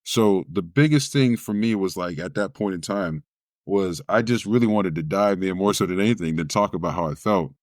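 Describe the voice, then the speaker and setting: A man, a spoken word poet, speaks in a low voice at a moderate pace while telling a personal story in an interview. He acts out the voices of the people he quotes with animation. The audio is studio quality, free of room sound.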